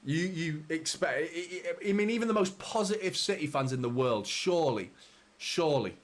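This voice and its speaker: A young man hosting a live football watchalong for his fan channel commentates with frustration, swearing and talking to his viewers. His voice is on the high side and expressive, at normal speed.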